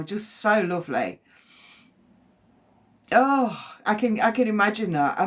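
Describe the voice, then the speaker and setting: A woman giving a live spirit reading as a medium, talking in a halting, gentle and reassuring way with frequent repeats. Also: medium pitch.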